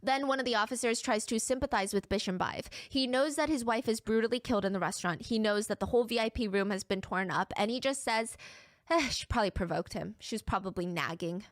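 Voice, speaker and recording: A woman's voice: fairly high pitch, quick pace, few pauses, no echo, studio quality. A woman narrating a true crime case in a vivid storytelling manner, acting out the people involved.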